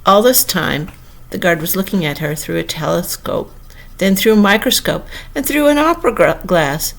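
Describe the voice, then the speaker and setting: A woman narrating a classic storybook aloud as an audiobook, in an expressive, unhurried manner. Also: on the low side, vocal fry. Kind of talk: audiobook reading.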